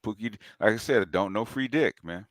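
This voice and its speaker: A man's voice: fairly low pitch, normal speed, fairly bright tone, dry recording, clean studio sound. A laid-back man in a casual podcast chat who agrees often.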